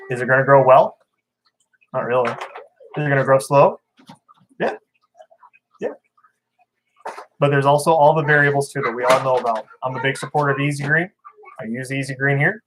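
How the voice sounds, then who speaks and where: A man's voice: mid-range voice, fairly bright tone, a little hiss or hum, poor audio. A man hosting a casual fishkeeping livestream, reading viewer comments and talking in a blunt, opinionated, rambling way. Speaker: fishkeeping channel host.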